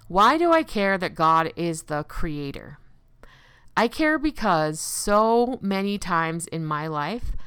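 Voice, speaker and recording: A woman's voice: lowish voice, a bit bright, smooth, no echo. A woman speaking in an earnest, reflective monologue about faith and recovery, asking rhetorical questions and quoting common sayings with sarcasm.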